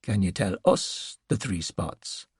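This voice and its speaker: A woman voicing a male skeleton detective with a dry, unhurried, faintly annoyed manner. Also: a bass voice, slightly rough, no room sound, pitched below the performer's own voice, full character voice.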